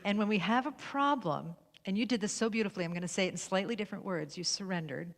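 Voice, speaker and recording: A woman's voice: mid-range voice, fast talker, few pauses. A woman hosting a spiritual livestream conversation, laughing often and affirming her guest. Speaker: livestream host. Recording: long hall reverb.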